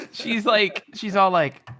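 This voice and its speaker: A man's voice: high voice, animated, slow, bright, forceful tone. A man co-hosting a podcast, chatting about a book with playful, laughing commentary. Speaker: podcast co-host. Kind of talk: casual book discussion.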